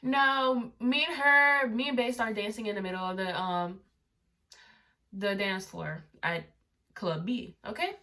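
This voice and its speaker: A woman's voice: mid-range voice, a little slow, sharp tone, distant mic. A woman telling a story in a casual vlog, rambling through asides and fillers.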